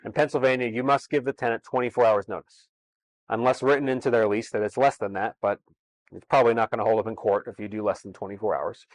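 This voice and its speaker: A man's voice: on the low side, fairly even intonation, fast, no echo, rough recording. A man presenting at a real estate seminar, explaining rules emphatically in a conversational way.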